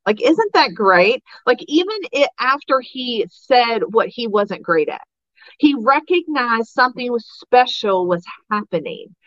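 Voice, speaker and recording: A woman's voice: on the high side, a bit bright, dry recording, muffled recording. Chatty woman teaching a Bible story. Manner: chatty, enthusiastic, many "like" and "right?" asides. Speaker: devotional podcast host. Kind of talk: casual Bible devotional teaching.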